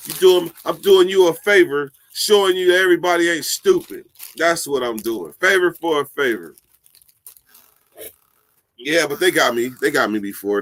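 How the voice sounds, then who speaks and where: A man hosting a casual live stream, telling stories in a loose, profane, animated way and laughing often. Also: a little high.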